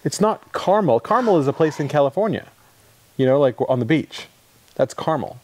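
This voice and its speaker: Animated joking man hosting a gadget show. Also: fairly high pitch, moderate pace, no echo. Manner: jokey, animated, rambling. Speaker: podcast host. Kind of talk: casual gadget review chat.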